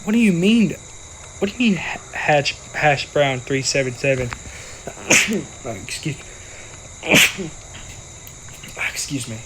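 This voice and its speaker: A man's voice: fairly high pitch, big pitch swings, slow, long pauses, background noise. Playful young man narrating gameplay. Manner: playful, jokey, talks to game characters. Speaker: gaming video creator. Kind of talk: casual game commentary.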